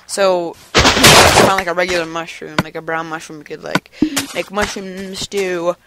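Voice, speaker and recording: A man's voice: sits high, level tone, moderate pace. A male gamer rambling hyperactively over his gameplay, giggling and making random noises. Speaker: gameplay commentator. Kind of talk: casual let's-play commentary. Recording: noisy home recording.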